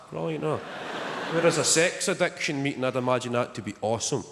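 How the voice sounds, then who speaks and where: A young man doing stand-up, telling stories in a wry, deadpan way. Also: medium pitch, quick pace, vocal fry. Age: young adult. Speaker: stand-up comedian. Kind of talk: stand-up comedy set. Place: large theatre stage. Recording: echoey theatre, loud noise.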